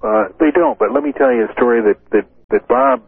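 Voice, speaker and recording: Male radio guest, gravelly and husky, animated storyteller, phone-line sound. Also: sits high, a little fast, dry recording. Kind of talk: call-in radio interview.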